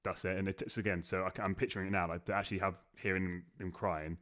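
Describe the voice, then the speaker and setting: A man hosts a podcast interview and asks probing, sympathetic questions in loose everyday speech. He talks quickly, and his voice sits low. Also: level tone, fairly bright tone. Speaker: podcast host. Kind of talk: conversational interview.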